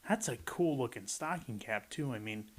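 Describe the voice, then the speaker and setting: A man's voice: medium pitch, expressive, normal speed. A man reading a rhyming picture book aloud and adding playful commentary between the pages. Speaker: storybook reader. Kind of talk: picture book read-aloud with chatty asides.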